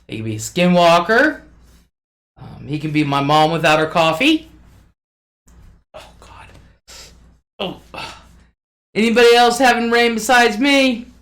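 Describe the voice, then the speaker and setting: A woman's voice: mid-range voice, animated, unhurried, long pauses, fairly bright tone. A woman hosting a casual live stream from her desk, greeting viewers by name, reading their comments aloud and swearing freely. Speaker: livestream host.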